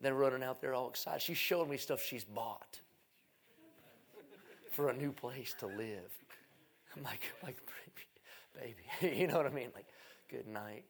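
Gravelly preacher man telling a story. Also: mid-range voice, moderate pace, long pauses. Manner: folksy, self-mocking, swings from loud to hushed. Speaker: evangelist. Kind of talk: storytelling revival sermon.

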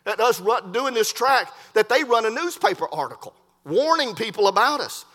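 A man preaching a sermon, telling a story in an animated way and often repeating his words. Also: very high-pitched, moderate pace. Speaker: preacher, missionary. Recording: long hall reverb.

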